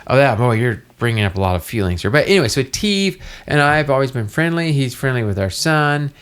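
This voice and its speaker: A man's voice: medium pitch, sing-song, fairly quick, fairly bright tone, smooth. A man co-hosting a casual podcast, telling a rambling story and acting out the dialogue. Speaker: podcast co-host. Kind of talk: casual chat.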